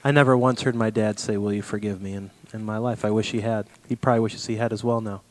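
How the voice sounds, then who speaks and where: A man's voice: lowish voice, little pitch movement, quick pace, a little mellow, low-quality recording. A man co-presenting a church parenting workshop, speaking sincerely and reflectively.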